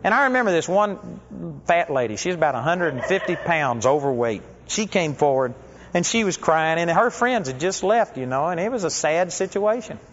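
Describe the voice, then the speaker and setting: A man's voice: a little high, sing-song, moderate pace, fairly bright tone, slight background noise. A man preaching a sermon, telling stories in a conversational, folksy way. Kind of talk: storytelling sermon. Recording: dull lo-fi recording with long hall reverb.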